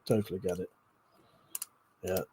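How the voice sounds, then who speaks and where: A man's voice: deep voice, flat delivery, measured pace, mellow, breathy edge, dry recording. A man hosting a casual live stream, joking and swearing freely as he chats to viewers. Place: indoors at home, seated low in a chair.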